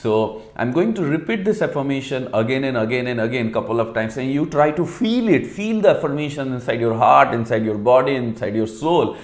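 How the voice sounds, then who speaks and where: A man's voice: mid-range voice, lively intonation, fairly quick, few pauses. A man teaching about affirmations in an earnest, repetitive, encouraging way. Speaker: law of attraction coach. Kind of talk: motivational teaching. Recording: roomy echo with faint music.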